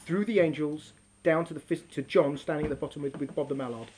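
A woman's voice: sits low, fast talker, a little mellow, slight background noise. A woman teaching a class, reading from a text and explaining it, and stretching out words for emphasis.

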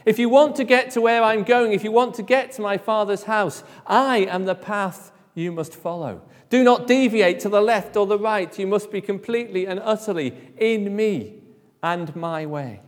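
A man preaching a sermon, speaking emphatically and letting phrase endings fall to a hush. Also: high voice, lively intonation, normal speed, long reverb tail.

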